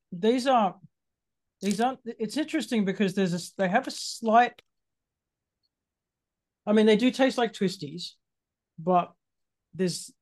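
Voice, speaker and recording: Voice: medium pitch, a little mellow, dry recording. A speaker in casual chat, thoughtfully comparing snack flavors with many restarts. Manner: thoughtful, hesitant, restarts often. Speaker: snack taster.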